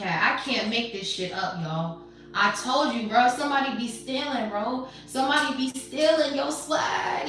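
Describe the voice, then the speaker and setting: On the high side and a bit bright, this woman's voice is captured from a distant mic, off-mic in a very echoey room. She does a casual tarot reading monologue, delivering it bluntly and mockingly with slang and profanity.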